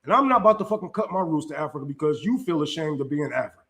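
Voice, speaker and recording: A man's voice: fairly high pitch, animated, racing, fairly bright tone. A man hosting a casual opinion livestream, talking in a heated, profane, emphatic way with frequent restarts. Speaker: livestream host. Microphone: streaming setup mic.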